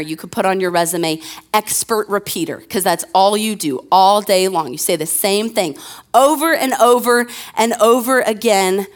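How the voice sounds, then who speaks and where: A young woman pastor preaching from a church stage, talking casually into a handheld mic. She tells funny everyday stories in a loose, chatty way, full of fillers and asides, before easing into scripture. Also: mid-range voice. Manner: chatty, self-deprecating storytelling with fillers. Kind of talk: conversational sermon.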